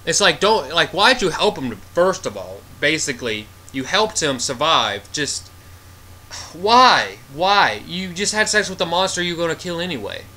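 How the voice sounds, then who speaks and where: A man's voice: on the high side, very animated, moderate pace, sharp tone. A man giving a casual, rambling movie review, exasperated and full of filler words.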